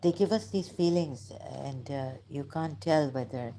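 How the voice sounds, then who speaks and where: Slow, halting woman with a low, dark voice. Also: a little hiss or hum, rough recording. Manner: halting, searching, many pauses and restarts; emotional, voice dropping at times. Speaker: vlogger. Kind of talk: hesitant reflective monologue.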